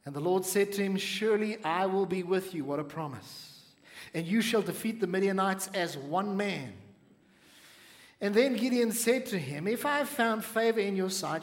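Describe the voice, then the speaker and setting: A male pastor preaching a sermon, reading scripture aloud and breaking off into lively asides to the congregation. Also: high-pitched, moderate pace.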